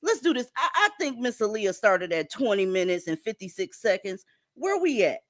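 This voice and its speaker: Blunt, animated woman ranting in commentary. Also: mid-range voice, normal speed, no echo, studio quality. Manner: blunt, animated, swearing freely. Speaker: commentary host. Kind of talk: profane reaction commentary.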